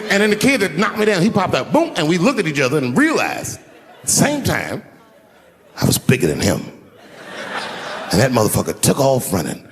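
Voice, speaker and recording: A man doing stand-up storytelling on stage into a handheld microphone, swinging from hushed asides to shouted punchlines. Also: high voice, in a large hall, a little hiss or hum. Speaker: stand-up comedian. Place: live show on stage before a large audience.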